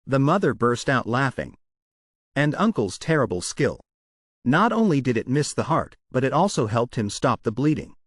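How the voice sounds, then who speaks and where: A man narrating a comic story recap in scripted, even, matter-of-fact storytelling. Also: medium pitch, normal speed, dry recording, studio quality.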